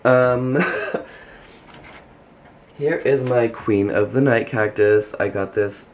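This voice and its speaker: A man's voice: medium pitch, takes it slowly, slight background noise. A man giving a casual tour of his houseplants at home, gushing and chatty, with lots of "like" in his speech. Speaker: plant vlogger.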